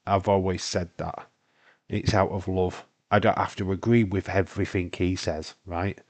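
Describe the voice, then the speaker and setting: Young Scottish streamer, lowish pitch, congested, rambling and sweary, casual chatter. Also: male voice, fairly even intonation, moderate pace, darkish tone. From Britain. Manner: rambling, sweary, laughs often. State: congested from hay fever. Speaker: live-stream host. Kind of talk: casual live-stream watch-along chat.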